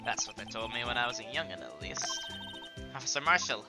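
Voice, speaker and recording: A man putting on a laid-back cowboy lawman from a video game, drawling and folksy, with the odd Spanish word thrown in. The voice swoops lively up and down. Game music plays behind it. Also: mid-range voice, brisk, close to an everyday voice. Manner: drawling, sprinkles Spanish words.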